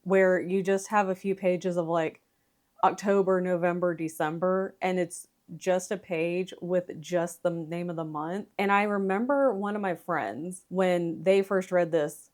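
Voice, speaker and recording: A woman's voice: on the low side, fairly even intonation, a little slow, darkish tone. A woman in her thirties giving a casual book review on her vlog, chatty and rambling, correcting herself as she goes and swearing lightly. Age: 30s. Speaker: book vlogger.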